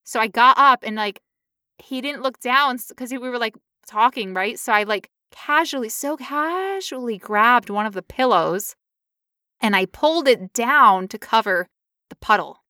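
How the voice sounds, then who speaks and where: A young woman telling a long story in casual chat, animated and acting out quotes in high voices. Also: normal speed, dry recording, clean studio sound.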